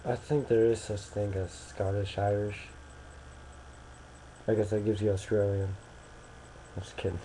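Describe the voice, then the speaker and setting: Slow, dark-voiced young man rambling. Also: fairly low pitch, little pitch movement, a little hiss or hum, low-quality recording. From Maryland, United States. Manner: rambling, self-correcting, joking. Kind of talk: casual webcam monologue. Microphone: webcam.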